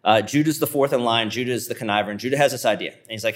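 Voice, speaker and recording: A man's voice: mid-range voice, very fast, few pauses. A man preaching a sermon, retelling a scripture story in a vivid, conversational way.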